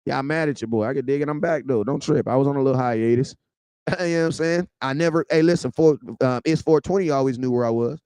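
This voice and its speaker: A man hosting a sports vlog, ranting casually in a slangy, joking, animated way. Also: mid-range voice, quick pace, clean tone, dry recording. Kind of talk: casual unscripted rant.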